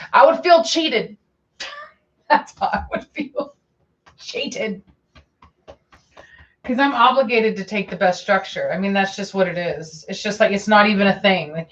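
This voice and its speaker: A woman dog breeder talks casually on her livestream and wanders from point to point. She fills gaps with ums and says things twice. Her voice sits in a middle pitch, and the audio is dull and lo-fi. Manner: chatty and meandering, with many ums and repeats. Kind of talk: casual livestream chat answering viewer questions.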